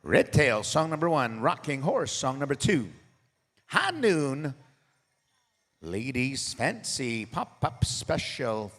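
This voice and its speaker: A man's voice: medium pitch, sing-song, slow, fairly bright tone. A man emceeing a powwow contest over the arena PA, hyping the crowd between calls and jokes. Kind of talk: live event announcing. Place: large indoor powwow arena. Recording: echoey arena PA sound.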